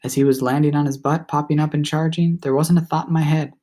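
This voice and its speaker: A man narrating a children's novel aloud in the first person with a steady, reflective delivery. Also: a little high, fast talker. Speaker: audiobook reader.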